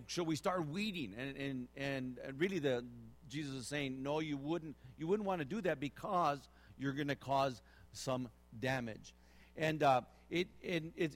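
A middle-aged male pastor preaching a sermon in a conversational way, often restarting and repeating words. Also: a little high.

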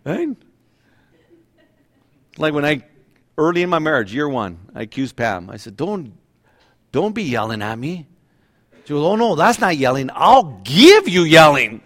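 A middle-aged man pastor preaching a sermon in a conversational, animated way, acting out voices now and then. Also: fairly high pitch, moderate pace.

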